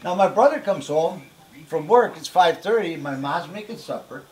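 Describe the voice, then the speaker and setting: An older man spins family tales in loose, casual chat, swearing freely and talking with animated energy. His voice sits high for a man, and the sound bounces around an echoey room. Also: moderate pace, faint music behind. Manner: profane, animated storyteller. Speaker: uncle telling family stories.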